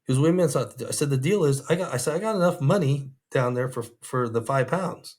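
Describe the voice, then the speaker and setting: A man's voice: mid-range voice, fast talker. A man telling a story from his undercover days in an interview, quoting what others said. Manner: animated retelling, quoting others in raised voices.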